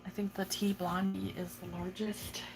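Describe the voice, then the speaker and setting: A woman's voice: medium pitch, little pitch movement, moderate pace, noisy background. A young woman casually chatting on a livestream while tending her tarantulas, swearing freely and cooing at her spider. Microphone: phone.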